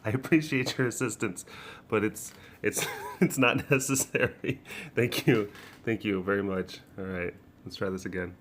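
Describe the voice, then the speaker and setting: Walking around an outdoor wildlife compound, a big cat sanctuary vlogger chats casually, jokes and coos at the cats. His voice is lowish with fairly even intonation and a moderate pace, and there's a little hiss or hum.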